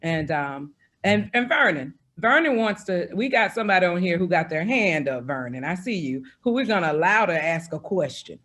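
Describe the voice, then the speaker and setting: A man's voice: high voice, very animated, moderate pace, pushed and bright. A man hosting a casual video-call conversation, reflective and encouraging, with rambling sentences. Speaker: host.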